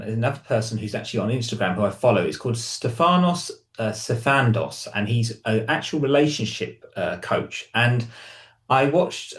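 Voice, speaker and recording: A man's voice: on the low side, reverberant. A man, a hypnotherapist, explaining to camera and reading example lines in different tones. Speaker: hypnotherapist and relationship counsellor.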